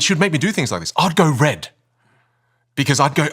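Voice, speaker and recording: A man talks as a voice coach on a podcast, and his pitch swoops up and down as he makes his points. He speaks with energy and stress on key words, and he keeps asking rhetorical questions. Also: big pitch swings, quick pace, fairly bright tone, husky. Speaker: communication and voice coach, podcast guest. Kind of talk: animated explaining in a podcast interview.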